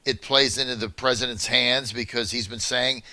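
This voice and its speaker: A man hosting a talk radio show, laughing easily and reading quick promos between comments. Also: mid-range voice, steady tone, bright, forceful tone, dry recording. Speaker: radio host.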